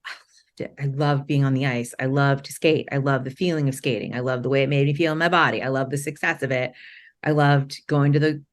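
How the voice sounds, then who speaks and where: A middle-aged woman from Maine, a podcast guest telling her story candidly, rambling with many restarts and quick laughs. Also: rumbling low, steady tone.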